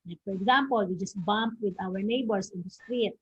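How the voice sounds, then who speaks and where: A woman teacher with a Filipino accent giving an online lesson, saying "okay" again and again and drawing out slow model pronunciations. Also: mid-range voice, a little hiss or hum. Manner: fills with frequent "okay". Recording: husky, dull lo-fi home recording.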